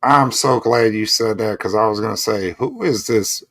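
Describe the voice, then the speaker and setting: A man's voice: on the low side, moderate pace, a bit bright, dry recording, studio quality. A man co-hosting a casual show, talking in a laid-back way full of "bro" and "you know". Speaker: podcast co-host. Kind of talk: casual chat.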